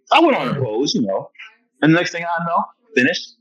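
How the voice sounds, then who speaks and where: A man's voice: on the high side, very animated, a little fast, a bit bright. A man telling stories as a podcast interview guest, acting out other people's lines and chuckling often. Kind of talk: animated storytelling in a podcast interview. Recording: dull lo-fi podcast audio.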